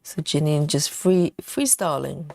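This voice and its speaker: A woman's voice: low-pitched, expressive, measured pace, vocal fry, dark tone, a little hiss or hum. A woman hosting a live cross-stitch stream, chatting casually, laughing often and thinking aloud as she stitches. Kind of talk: live stitch-along chat.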